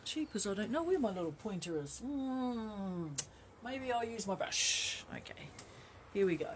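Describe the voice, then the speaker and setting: A woman's voice: medium pitch, very animated, a little slow, a little hiss or hum. A woman with a New Zealand accent, a kindergarten teacher chatting and encouraging as she teaches children a song, mixing in Māori words. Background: guitar.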